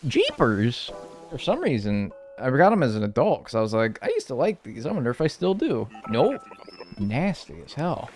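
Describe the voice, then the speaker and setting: A man's voice: medium pitch, huge pitch swings, moderate pace, darkish tone, soft background music. A young man chatting casually on a live stream, joking and reacting to chat in a laid-back way.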